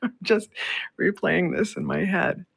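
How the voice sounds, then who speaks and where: A woman's voice: fairly low pitch, a little slow, vocal fry, slightly rough. A woman radio host from Canada, chatty, telling a story and laughing often between phrases. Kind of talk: storytelling on a call-in radio show.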